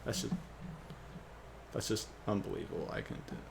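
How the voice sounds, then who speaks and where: A man's voice: lowish voice, moderate pace, gravelly, background noise. A man rambling and joking to himself as he thinks aloud, working out a fan script. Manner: rambling, self-joking, trailing off.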